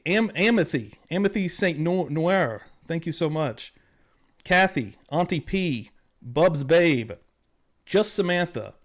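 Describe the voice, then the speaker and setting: Upbeat live-stream host, slightly high voice. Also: male voice, lively intonation, slow. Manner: loose, enthusiastic, thanks viewers in chat. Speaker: podcast host. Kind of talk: casual live-stream chat.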